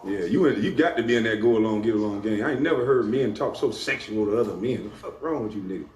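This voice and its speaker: A man's voice: lowish voice, quick pace, a little mellow, muffled recording, slight background noise. A middle-aged man rants to camera. He is profane and taunting, and he laughs at his own jabs. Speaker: vlogger. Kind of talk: confrontational rant to camera. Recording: echoey room, off-mic, faint ambience.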